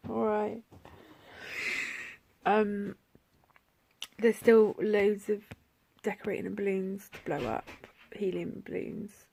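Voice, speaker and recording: This vlogger's voice is medium in pitch and creaky, with a little background noise behind it. Talking tenderly and heartfelt, she keeps her delivery soft and frequently sinks into a whisper while reflecting.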